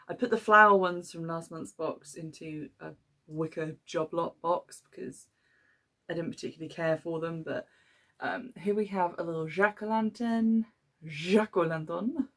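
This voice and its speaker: A woman talks her way through an unboxing in an easy, hesitant chat, giving frank opinions as she goes. Her voice sits low, with a gravelly fry running through it. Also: a bit bright. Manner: chatty, hesitant with many ums, mildly critical. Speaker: podcast host unboxing a subscription box.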